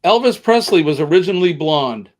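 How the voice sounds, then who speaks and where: A man's voice: fairly high pitch, animated, fairly quick. A man with a Southern American accent hosting a live stream, chatting casually and rambling with many fillers. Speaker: livestream host.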